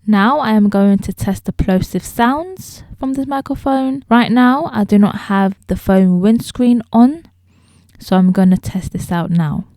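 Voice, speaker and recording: A woman talking straight to her viewers as she reviews a microphone, explaining each feature clearly, recorded close on a studio mic in a room at home. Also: mid-range voice, a little slow, warm tone, no room sound. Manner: explanatory, addresses viewers directly. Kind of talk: casual product review. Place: indoor room. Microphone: close studio dynamic microphone.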